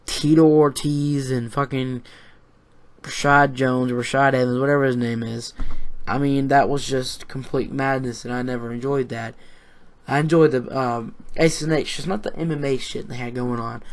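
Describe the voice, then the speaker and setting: A man recaps a wrestling show in a loose, rambling way, sounding excited and cursing often. His voice sits in the mid range, and he leans on fillers and keeps restarting his sentences.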